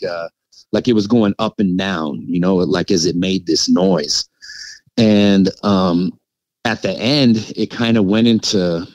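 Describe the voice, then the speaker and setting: A podcast guest tells the host about an encounter, rambling and halting with lots of "like" and "you know" and restarts. His voice is low-pitched, on a dry, low-quality recording.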